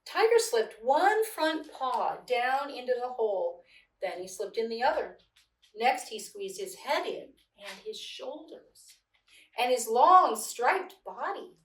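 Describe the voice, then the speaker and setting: A middle-aged woman reading children's stories aloud with gentle expression, sometimes chatting warmly to a child beside her. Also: a little high. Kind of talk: children's story read-aloud. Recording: echoey room, mic at a distance.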